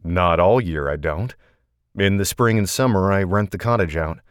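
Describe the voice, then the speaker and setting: A man voicing a calm, guarded male investigator. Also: low voice, moderate pace, smooth, dry recording, clean studio sound, natural voice. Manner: even, matter-of-fact.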